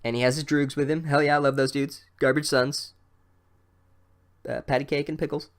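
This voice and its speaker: Male podcast host, comedic book recap; sarcastic, profane, rambling, mid pitch. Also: moderate pace.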